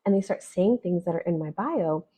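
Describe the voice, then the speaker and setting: Chatty woman astrologer, husky dark voice. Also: on the low side, normal speed. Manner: chatty, frequent "right?" and "like". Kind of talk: casual spoken forecast. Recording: dull lo-fi audio.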